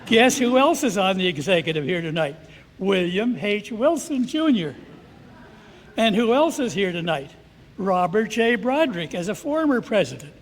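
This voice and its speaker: Older priest, high-pitched, storytelling speech, long hall echo, faint noise behind. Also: male voice, big pitch swings, normal speed. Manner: storytelling, acting out quoted dialogue. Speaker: Jesuit priest accepting a medal. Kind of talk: anecdotal acceptance speech.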